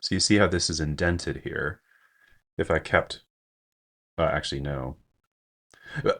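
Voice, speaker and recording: Man, very low voice, poetry lecture over a screen share, thinks aloud, fillers and self-corrections. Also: fairly bright tone. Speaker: teacher.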